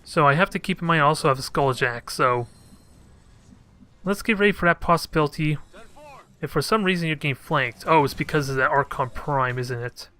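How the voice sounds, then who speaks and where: A man with a bright, forceful voice that sits a little high. He talks through his own strategy game in a casual let's-play commentary, thinking aloud as he plays and throwing joking remarks at his troops. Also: fairly quick. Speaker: gameplay commentator.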